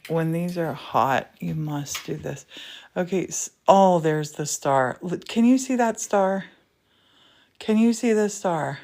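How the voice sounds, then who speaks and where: A woman's voice: on the low side, takes it slowly, darkish tone. A woman hosting a casual live demo from a glass studio, gushing with affection and chatting to her viewers. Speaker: livestream host. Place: indoor glass fusing studio.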